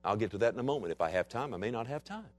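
A pastor preaches a sermon in a dynamic, expressive style. His voice drops to quiet, low asides, then rises to loud, slow, emphatic lines.

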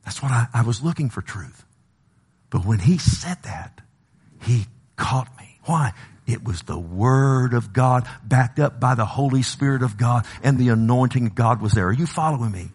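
A man preaching a sermon with passion, swinging from loud exhortation to low, slow emphasis and calling out to the congregation. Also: expressive, breathy edge.

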